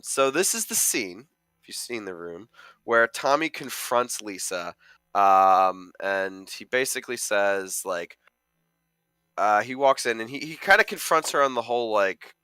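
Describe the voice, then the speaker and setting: A man's voice: lowish voice, animated, a little slow, sharp tone, smooth, dry recording. A young man co-hosting a podcast, chatting casually about films and rambling with many fillers. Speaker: podcast co-host, amateur film critic. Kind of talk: casual chat.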